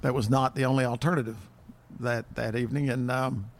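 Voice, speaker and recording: A man as a podcast guest, chatting in a relaxed and hesitant way. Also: mid-range voice, fairly quick. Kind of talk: casual chat.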